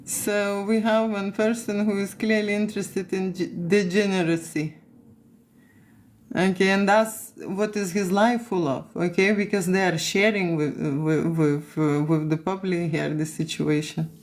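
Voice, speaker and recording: A woman's voice: medium pitch, steady tone, unhurried. A woman from Lithuania with a Lithuanian accent, a photographer chatting casually on a livestream and reading out comments, with many "okay?" and "you know" fillers.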